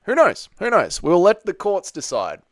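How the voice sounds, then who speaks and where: A man's voice: high-pitched, huge pitch swings, moderate pace, a bit bright, no echo, clean studio sound. A young man hosting a casual livestream from home, talking bluntly and crudely and reading viewer comments aloud. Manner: blunt, crude banter, reads chat aloud. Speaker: livestream host.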